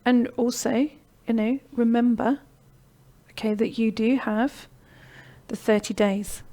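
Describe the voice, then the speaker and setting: A middle-aged woman hosts a live online session and talks viewers through her program. Her voice is mellow and warm, and she keeps it encouraging. She checks in with a steady "okay?" as she goes. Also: on the high side, takes it slowly. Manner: encouraging, repeats "okay?" often. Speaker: online course host. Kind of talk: live-streamed sales pitch and Q&A.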